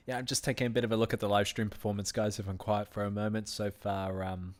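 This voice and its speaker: A man's voice: on the low side, little pitch movement, fast talker. An Australian man from Western Australia, chatting casually with his viewers while streaming a game, laughing often and thanking people by name. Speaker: gaming streamer. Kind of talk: casual live-stream commentary.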